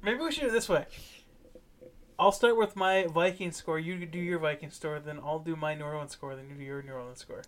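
Man, somewhat high voice, sports podcast co-host, blunt, teasing, emphatic. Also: fairly quick, fairly bright tone. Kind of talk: casual sports chat.

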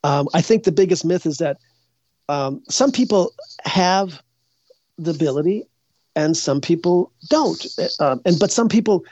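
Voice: mid-range voice, expressive, unhurried, darkish tone, no echo. A psychic guest in an interview, telling stories in a casual, rambling way, restarting sentences and acting out what others said. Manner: rambling, frequent restarts and self-corrections; acts out other people's words when retelling. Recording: dull, dry lo-fi recording.

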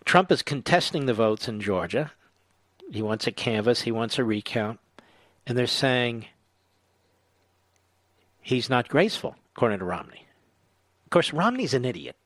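A man's voice: medium pitch, big pitch swings, unhurried, long pauses, no room sound. A man hosting a political commentary show, reading quotes aloud and answering them with sarcastic, indignant remarks. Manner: sarcastic, indignant, rising to angry shouting. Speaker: talk radio host.

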